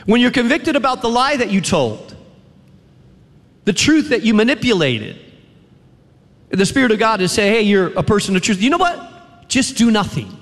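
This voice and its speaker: Man, preacher, sermon, emphatic refrains, dramatic pauses, high voice, long hall reverb. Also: sing-song, a bit bright. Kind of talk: sermon to a chapel audience. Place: chapel.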